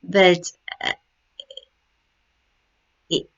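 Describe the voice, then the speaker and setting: A middle-aged woman remembering her late son, speaking haltingly and tenderly with many pauses and fillers. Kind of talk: personal memorial reflection. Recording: dull lo-fi recording.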